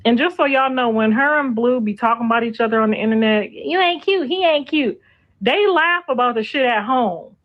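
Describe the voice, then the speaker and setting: Brief: middle-aged woman, gossip stream host, sassy and cursing, higher pitch, muffled lo-fi audio. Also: brisk, hardly any pauses. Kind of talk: casual gossip livestream.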